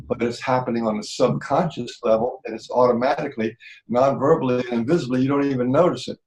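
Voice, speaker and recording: A man's voice: mid-range voice, a little mellow, roomy sound, rough recording. A man teaching a healing practice in conversation, earnest and repetitive, often checking that he is understood.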